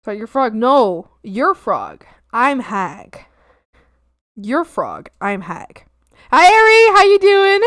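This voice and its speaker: Woman art streamer: high, lively voice, goofy banter with chat. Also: takes it slowly. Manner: playful and silly, with squeals and giggles. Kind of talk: casual chat with stream viewers.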